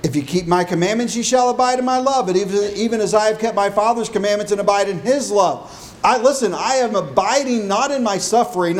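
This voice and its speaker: High-voiced man preaching a sermon. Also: darkish tone. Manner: reads scripture slowly, then preaches with rising emphasis. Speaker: pastor.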